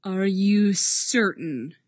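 A stern male captain who speaks slowly and formally, with a flat, deadpan weight, as a woman reader puts him on. The delivery is unhurried and precise. The recording is dry and close. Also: medium pitch, dry recording. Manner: slow, measured, deadpan.

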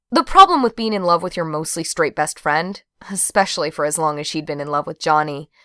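A woman narrating an audiobook in a wry, expressive manner. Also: on the low side, no room sound, clean studio sound. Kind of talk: scripted narration.

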